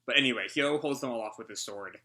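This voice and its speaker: A man's voice: mid-range voice, fast, pushed and bright. A man hosting a casual live reaction, out of breath and rambling through a hesitant recap. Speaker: manga reaction host.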